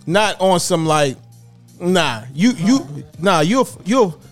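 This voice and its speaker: A man's voice: high-pitched, big pitch swings, slow pace, soft background music. A man chatting casually with friends, telling stories animatedly with heavy slang and profanity. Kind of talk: casual chat among friends.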